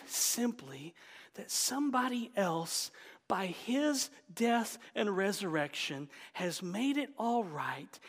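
A man preaching an Easter sermon, moving between loud exclamations and hushed whispers. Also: sits high, sing-song, slow, slightly rough. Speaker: pastor. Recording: long reverb of a large hall.

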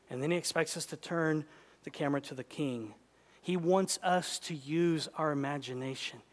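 A man preaching a sermon, telling a story with dramatic pauses and rising to emphatic peaks. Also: high voice, a bit bright, big-room sound.

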